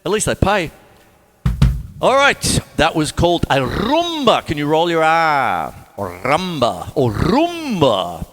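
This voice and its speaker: Chatty drummer teaching. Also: male voice, on the high side, very animated, a little slow, a bit bright, long reverb tail, soft background music. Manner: chatty, scats drum patterns aloud. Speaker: drum teacher. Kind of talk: casual drum lesson. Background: drum kit playing.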